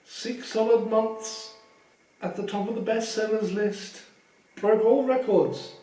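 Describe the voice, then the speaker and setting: A man's voice: high-pitched, warm tone, echoey room, recorded from a distance, a little hiss or hum, voice pushed up, low-quality recording. A man doing Lockhart, a pompous vain wizard. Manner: pompous, self-admiring, drawn-out. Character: vain, pompous celebrity wizard teacher, male.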